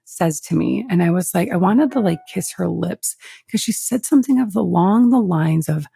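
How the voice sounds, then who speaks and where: A woman's voice: lowish voice, lively intonation, moderate pace, vocal fry, mellow, breathy edge, dry recording, studio quality. A woman co-hosting a podcast, talking candidly and emotionally about her own life, swearing freely, at times tearful. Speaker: podcast co-host. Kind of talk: casual chat.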